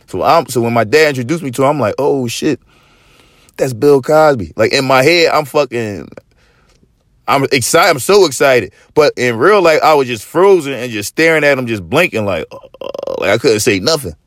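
A man in his thirties or forties hosting a podcast, telling a story in casual chat with a profane, swaggering, animated manner. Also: medium pitch, fairly quick, no echo, clean studio sound. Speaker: podcast host.

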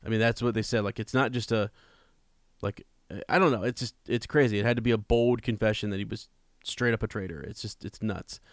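A man's voice: on the low side, fairly quick, no echo, clean studio sound. A man co-hosting a podcast, chatting casually about a book and reading passages aloud with frequent restarts. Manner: conversational, repeats words, reads quotes plainly. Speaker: podcast co-host.

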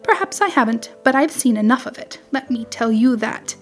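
Woman voicing a tart little wren bird, scolding and chattering, fairly high voice, soft music behind. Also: expressive, normal speed. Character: fussy sharp-tongued female wren bird. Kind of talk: storybook reading.

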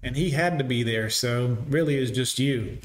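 A man's voice: mid-range voice, moderate pace. A man giving sarcastic, scornful reaction commentary, lecturing his listeners.

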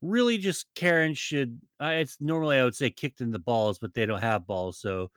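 A man, a regular guest on a podcast, talking in crude, rambling, animated casual banter. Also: mid-range voice, moderate pace, clean tone, no echo, clean studio sound.

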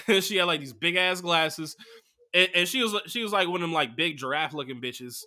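Comedy podcast host, young man, very bright voice, slightly raised pitch, crude and animated delivery. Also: normal speed. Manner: crude, animated, full of fillers. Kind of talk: casual comedic storytelling.

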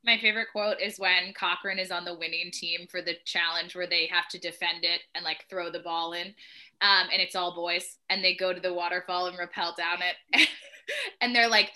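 A woman's voice: on the low side, little pitch movement, normal speed, bright, forceful tone. A woman co-hosting a casual podcast chat, bubbly and laughing as she retells moments. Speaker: podcast co-host.

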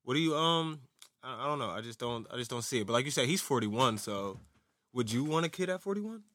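A young man co-hosting a casual podcast, laid-back and slangy, quick to laugh. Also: medium pitch, animated, fairly bright tone, no echo, studio quality. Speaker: podcast co-host. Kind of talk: casual chat.

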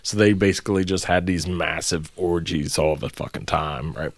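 A man's voice: sits low, steady tone, moderate pace, no room sound. A young adult man co-hosting a podcast, telling a rambling, profane story with frequent laughter in casual chat. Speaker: podcast co-host.

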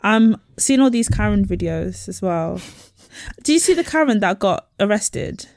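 A woman in casual podcast chat, her voice at a middle pitch and recorded dry and close. She tells stories with animation, slipping into the voices of the people she describes. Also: a little slow, no room sound. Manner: animated storytelling, acting out quoted people. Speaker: podcast co-host.

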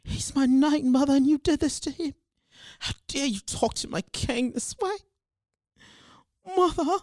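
A man voicing a theatrical young woman who defends her husband in a slow, grand way. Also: very high voice, a little mellow, no room sound, clean studio sound, voice pushed up. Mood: grandly indignant.

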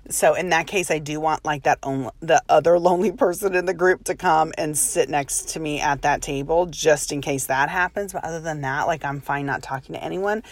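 A woman's voice: low voice, no room sound. A woman in her thirties telling a personal story in a chatty, self-deprecating way, laughing often and rambling through asides. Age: 30s.

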